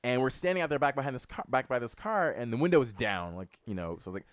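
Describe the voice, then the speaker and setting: A man telling a story on a casual podcast, swearing a lot and acting out what people said in a high, excited voice. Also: fast, dry recording. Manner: animated, swearing, acts out quotes in a high voice. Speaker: podcast co-host.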